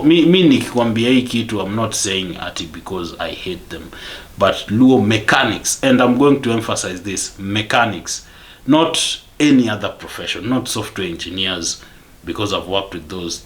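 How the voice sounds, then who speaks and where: A man's voice: deep voice, moderate pace. A man with a Kenyan accent ranting to camera in a vlog, emphatic and repetitive, switching between English and Swahili. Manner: emphatic, mixes English and Swahili, repeats points. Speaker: vlogger. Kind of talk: angry rant to camera.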